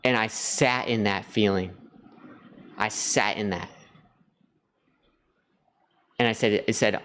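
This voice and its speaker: A man vlogging to camera in an earnest, rambling way, on the verge of tears, repeating words as he reflects and then grows excited. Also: medium pitch, slow, long pauses, clean tone. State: near tears. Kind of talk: emotional personal reflection to camera.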